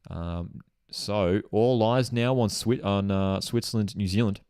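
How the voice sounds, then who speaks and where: A man with a low, deep voice gives live reaction commentary on a football match, bursting into excitement at big moments and then settling into easy chat. His sound is close and dry, with no room echo, as he reads viewer comments from a home streaming setup. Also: measured pace, clear, resonant tone. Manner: excitable, chatty, reads chat messages aloud. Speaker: football watchalong host.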